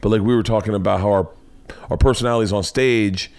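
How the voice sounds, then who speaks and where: Low-voiced man telling animated stories. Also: fast talker. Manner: animated storyteller, swears a lot. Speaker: podcast host. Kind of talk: casual chat.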